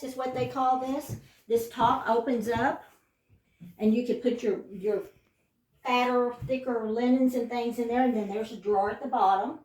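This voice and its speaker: An older Texas woman, her voice a little high and a little mellow, gives a chatty, homey tour of her house and demonstrates a recipe in her kitchen as a home cook and host. She is recorded off-mic, so the sound is roomy.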